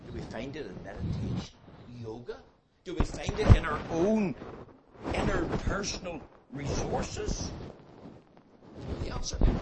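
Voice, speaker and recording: A man preaching an evangelistic sermon, emphatic and repeating words as he builds, swinging between loud and soft passages. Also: mid-range voice. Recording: loud background noise.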